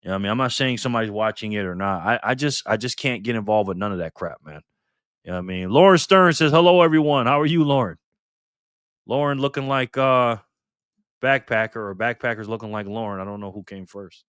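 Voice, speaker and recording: A man's voice: lowish voice, fast, a bit bright, smooth, no echo, clean studio sound. A man hosting a casual live stream, upbeat and chatty as he reads out viewer names and thanks them one by one.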